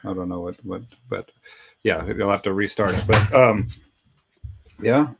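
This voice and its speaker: A man's voice: on the low side, measured pace, creaky, background noise. A man who works as a dog trainer, chatting casually, telling stories bluntly with lots of slang. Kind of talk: casual chat.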